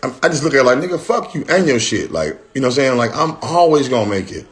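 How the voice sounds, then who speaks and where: A middle-aged man on a phone livestream, rambling and heated, full of slang and swearing, who jumps into a higher voice when he mocks what others said. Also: big pitch swings, quick pace. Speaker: rapper responding on a livestream. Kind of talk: casual livestream rant.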